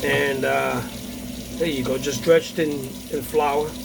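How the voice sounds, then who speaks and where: A man's voice: medium pitch, fairly even intonation, slow, gravelly. Chatty man cooking over a sizzling pan. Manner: chatty, repeats himself, many fillers and okays. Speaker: home cooking host. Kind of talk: casual cooking demonstration. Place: home kitchen with sizzling pan and running water. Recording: noisy kitchen with sizzling pan. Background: frying sizzle and running water.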